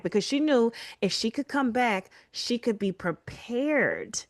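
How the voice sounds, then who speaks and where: A woman's voice: fairly high pitch, unhurried, hardly any pauses, dry recording, studio quality. A woman co-hosting a podcast, recapping a story in casual chat and acting out the lines she quotes. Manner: animated, acts out quoted lines. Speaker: podcast co-host.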